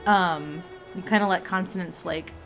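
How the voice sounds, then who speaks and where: A woman's voice: fairly low pitch, normal speed, fairly bright tone, faint music behind. A woman chatting casually on a livestream, rambling along with many fillers and restarts. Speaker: streamer.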